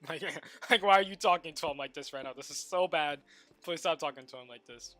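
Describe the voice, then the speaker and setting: A young adult man talking casually on a live stream while gaming, rambling and animated, full of "like" and stop-start restarts. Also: a little high, normal speed, soft background music. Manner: rambling and animated, heavy use of "like" and repeated restarts.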